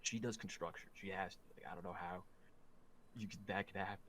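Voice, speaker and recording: A man's voice: low voice, steady tone, brisk, a bit bright, slight background noise, low-quality recording. A man chatting casually on a podcast, rambling with lots of fillers and restarts. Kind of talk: casual chat.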